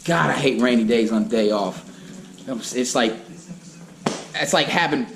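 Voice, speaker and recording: A man's voice: medium pitch, moderate pace, long pauses, reverberant, very noisy. Easygoing Southern man vlogging. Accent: Southern American. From American South. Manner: easygoing, rambling. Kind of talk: casual vlog chat.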